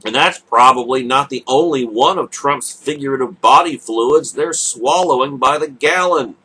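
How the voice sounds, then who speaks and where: A man's voice: mid-range voice, moderate pace, pushed and bright, husky. A man hosting a radio show, delivering a sarcastic, mocking political commentary monologue.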